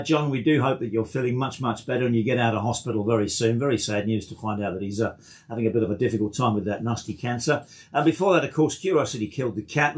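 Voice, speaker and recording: A man with an English accent, presenting a radio show and telling a chatty story between songs into a studio microphone. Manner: chatty storytelling, lively pitch.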